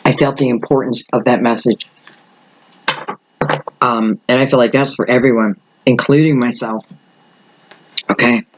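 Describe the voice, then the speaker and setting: An older man, slightly hoarse, giving a rambling solo tarot reading and thinking aloud with many fillers. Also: mid-range voice, fairly even intonation, normal speed, long pauses, a little hiss or hum, poor audio. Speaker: tarot reader.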